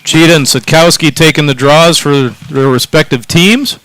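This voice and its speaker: A man doing relaxed, chatty play-by-play for a local high school hockey game. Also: normal speed, no echo, low-quality recording. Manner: easygoing, chatty, lots of fillers. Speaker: play-by-play announcer.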